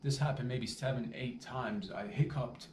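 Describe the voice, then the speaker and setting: A man's voice: medium pitch, moderate pace. Rambling, profane man in a roomy space. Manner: rambling, profane, animated asides. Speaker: podcast host. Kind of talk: rambling comedic podcast monologue. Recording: roomy, distant mic with faint background noise.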